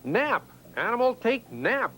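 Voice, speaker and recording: A man voicing a patient, gently bossy baby frog who coaxes a friend to nap. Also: very high voice, big pitch swings, slow pace, a little hiss or hum, voice pushed up, exaggerated voice. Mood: coaxing. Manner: patient, coaxing, a little exasperated. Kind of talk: storybook character voice.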